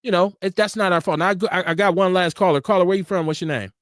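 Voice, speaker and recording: A man's voice: sits high, rapid-fire, dry recording, studio quality. Blunt, profane man hosting call-in radio. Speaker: host of a call-in radio stream. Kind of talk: casual talk radio.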